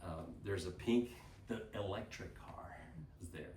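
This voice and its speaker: A man giving a casual storytelling talk to a group, animated, often laughing, and acting out the people he quotes. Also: low-pitched, unhurried. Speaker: group presenter. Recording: roomy sound from a distant mic, faint noise.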